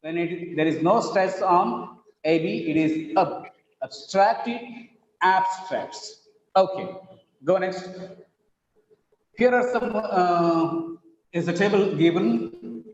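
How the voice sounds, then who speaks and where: A man with an Indian English accent teaching an online English class, repeating words slowly and emphatically to model their stress. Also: high voice, darkish tone, roomy sound, big-room sound, dull audio. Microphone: video call.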